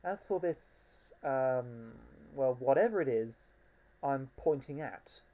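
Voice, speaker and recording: A woman with a low, mellow voice talks slowly through a home-made plush toy review. She hesitates a lot, restarting sentences and filling gaps with ums, and speaks fondly of the toy. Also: expressive. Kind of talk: casual home video review.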